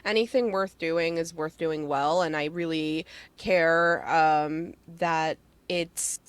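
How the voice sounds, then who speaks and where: A woman talking as a podcast guest, chatty and full of fillers, with quick laughs. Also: sits low, steady tone, clean tone, no echo. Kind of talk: casual interview chat.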